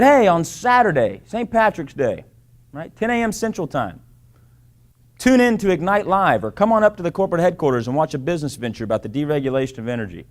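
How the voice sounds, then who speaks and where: A man with a fairly high voice delivers a sales pitch from a stage at a corporate event. He hammers his points home by repeating short phrases, and he keeps checking in with the crowd. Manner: emphatic, repeats key phrases with frequent "right?" and "okay?". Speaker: business presenter. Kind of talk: sales pitch to a live audience.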